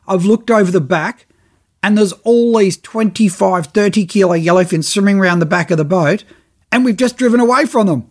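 A middle-aged man telling a travel story on his podcast in a casual, animated way, acting out other people's lines in his own voice. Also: sits high, normal speed.

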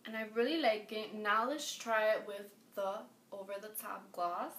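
A woman vlogging a casual makeup review, gushing and excitable, often repeating herself. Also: medium pitch, normal speed. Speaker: beauty vlogger. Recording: echoey room with faint background noise.

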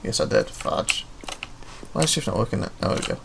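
A man's voice: sits low, wildly swooping pitch, moderate pace, gravelly, noisy background. A man playing a detective game, reading the characters' dialogue aloud and breaking off into offhand comments of his own. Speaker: let's play gamer.

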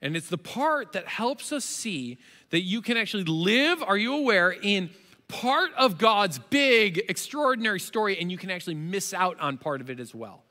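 A man preaching a sermon as pastor, telling the story with lively, animated delivery and acting out its characters. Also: high voice, normal speed, big-room sound. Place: church auditorium.

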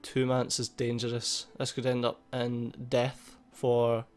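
A man giving casual, excitable gameplay commentary, swearing a lot and laughing at the game. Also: mid-range voice, takes it slowly. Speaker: gaming YouTuber. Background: faint game music.

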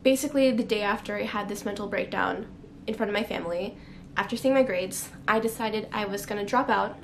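Young woman, personal vlog, candid, emotional, chatty fillers, middle pitch, faint room noise. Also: a little fast. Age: young adult. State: near tears. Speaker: vlogger.

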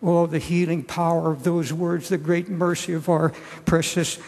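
Older preacher, gravelly and high. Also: male voice, little pitch movement, a little mellow. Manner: earnest, halting with repeated restarts. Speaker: pastor. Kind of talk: sermon. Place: large church. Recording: church hall reverb.

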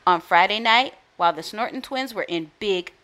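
A woman storyteller reading a children's book aloud in a lively, expressive way. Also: mid-range voice, normal speed.

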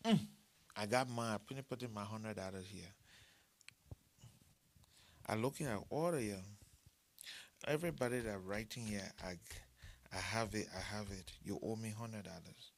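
Speaking at a moderate pace in a lowish voice with long pauses, a pastor delivers a story-driven sermon. He blends humor into his requests for money and repeats brief phrases to drive points home.

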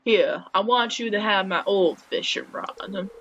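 A cheerful fisherman from a video game, read aloud by a woman, talks like an old sailor but only half commits to the voice. The delivery is slow and unhurried. The recording is dull and lo-fi, with a faint hiss underneath. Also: mid-range voice, fairly bright tone. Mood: friendly. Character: friendly male fisherman with a sailor's talk.

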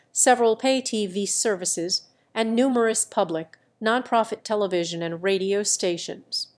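A woman giving scripted encyclopedic narration, reading list-like facts in a steady, measured way. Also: medium pitch.

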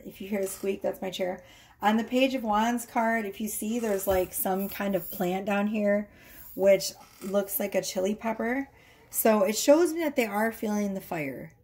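A woman's voice: mid-range voice, vocal fry, darkish tone. A woman giving a casual tarot reading from her home workroom, talking in a chatty way with fillers and frequent tag questions. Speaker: tarot reader.

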